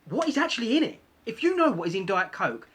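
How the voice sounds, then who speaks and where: A man's voice: sits high, sing-song, fast, a bit bright, slightly rough. A man talking casually in a vlog, chatty and self-deprecating, repeating points for emphasis. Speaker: vlogger.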